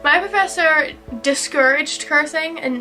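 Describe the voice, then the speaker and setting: A woman's voice: sits high, unhurried, music in the background. A young woman from Kentucky chatting casually about studying abroad, acting out quotes as she tells stories. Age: young adult. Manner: chatty storyteller, acts out quotes. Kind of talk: casual chat.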